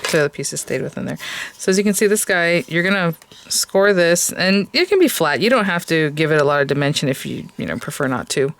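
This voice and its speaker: A woman's voice: low voice, expressive, a little fast, a little hiss or hum. A woman hosting a casual crafting tutorial, chatting and thinking aloud with plenty of hesitant fillers.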